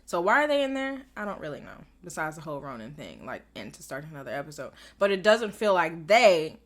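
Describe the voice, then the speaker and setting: A young woman giving a casual, excitable recap and reaction to a TV episode, acting out lines as she retells them. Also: low-pitched, brisk. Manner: excitable, animated retelling with quoted voices. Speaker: recap reviewer.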